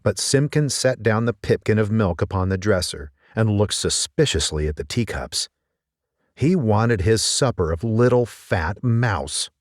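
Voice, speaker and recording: A man reading a children's story aloud in a gentle, expressive manner. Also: fairly low pitch, a little slow, no echo, studio quality.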